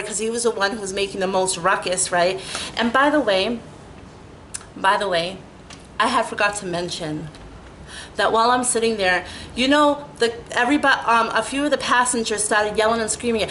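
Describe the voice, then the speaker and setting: A woman vlogger telling a story in a casual, animated way, swearing freely and acting out what she said at the time. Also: moderate pace, long pauses, slight background noise, low-quality recording. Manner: animated, chatty, profane, lots of "like" fillers; acts out her own quoted lines with rising pitch.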